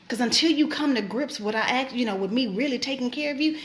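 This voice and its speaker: A woman's voice: a little high, fast, hardly any pauses, slight background noise. A woman, host and preacher, giving a casual faith talk in an emphatic, colloquial way. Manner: emphatic, colloquial, animated storytelling.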